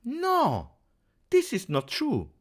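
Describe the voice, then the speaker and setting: A man's voice: on the low side, very animated, a little slow. A man with as his hosting a casual pregame football talk, emphatic and angry, repeating phrases for stress. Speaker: football channel host.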